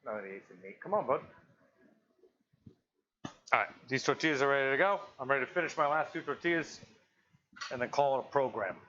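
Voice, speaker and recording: A man's voice: brisk, long pauses. A man hosting a live cooking stream from his home kitchen, talking casually to viewers while he cooks. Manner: relaxed, chatty, coaxing his dog in a higher sing-song voice. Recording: slightly dull lo-fi stream audio with faint noise.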